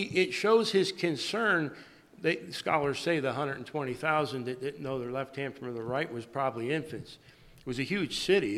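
A man giving a sermon in a halting way, often repeating and restarting his words. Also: medium pitch, fairly bright tone. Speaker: preacher. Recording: long hall reverb.

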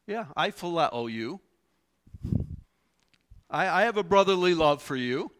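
Preacher putting on a puzzled disciple, slow, bright tone. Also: male voice, on the high side, expressive, clear, resonant tone, pitched above the performer's own voice. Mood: hesitant. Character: bewildered male disciple slowly catching on.

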